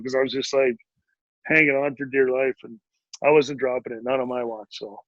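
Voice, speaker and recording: A man in his forties, a retired hockey player and podcast guest, telling a long story in a rambling, animated way with many fillers. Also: mid-range voice, fast, no echo, muffled recording. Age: 40s. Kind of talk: casual storytelling in an interview.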